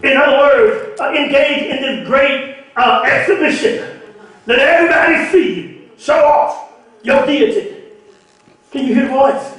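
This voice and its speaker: A man preaching a sermon in a church, repeating words and building to shouts. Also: extremely high pitch, unhurried. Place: church sanctuary. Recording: echoey church hall from far off.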